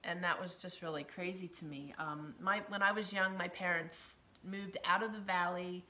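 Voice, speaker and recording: A woman earnestly telling a personal story, emotional and often dropping to a hushed near-whisper, with laughs between phrases. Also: fairly low pitch, fairly even intonation, moderate pace. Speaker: storyteller sharing her testimony.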